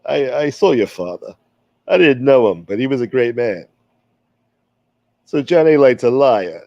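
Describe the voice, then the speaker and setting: Dude putting on a new mob guy, gruff and menacing but oh so polite, lively pitch. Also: unhurried, no echo, highs cut off. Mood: boastful. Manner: gruff, menacing, mock courteous. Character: old-school mobster man posing as a gentleman.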